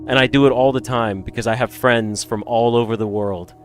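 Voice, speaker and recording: A man with an American accent, a little congested, chatting casually with viewers in a rambling, animated way. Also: mid-range voice, brisk, soft background music. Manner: animated, rambling, swings between loud bursts and mutters. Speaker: streamer.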